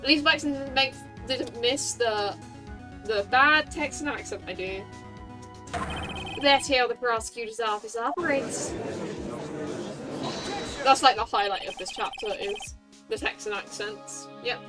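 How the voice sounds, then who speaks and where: A woman's voice: on the high side, a little slow, long pauses, music in the background. A woman streamer chatting casually and rambling through a game playthrough, repeating herself and joking crudely.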